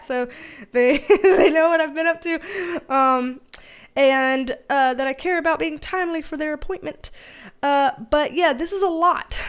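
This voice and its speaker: A young adult woman with a high voice gives a tarot reading on a webcam livestream from home, animated, casual, and swearing freely.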